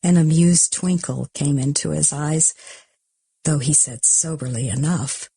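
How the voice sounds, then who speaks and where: Woman, audiobook narrator, husky, mellow, soft half-whispers, dry close sound. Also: low voice, dry recording. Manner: soft, slow, often breathy half-whispered reading. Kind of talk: audiobook reading.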